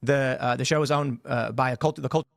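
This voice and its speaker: Man, mid pitch, hesitant explainer with restarts, dry recording. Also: fairly even intonation, vocal fry, no echo. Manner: halting, many fillers and restarts. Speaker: podcaster being interviewed. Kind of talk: explanatory statement in a played clip.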